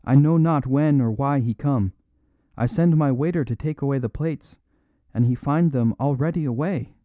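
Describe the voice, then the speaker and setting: A man voicing an anxious middle-aged foreign restaurant owner who speaks in halting, broken English and stammers. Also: mid-range voice, dry recording, narrow, tinny audio, voice pushed up, lightly acted. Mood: distraught.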